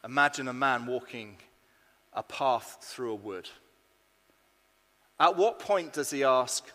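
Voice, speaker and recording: A man preaching a sermon to his congregation, earnest and rising to bursts of excitement. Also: medium pitch, normal speed, pauses often. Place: church hall. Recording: long hall reverb.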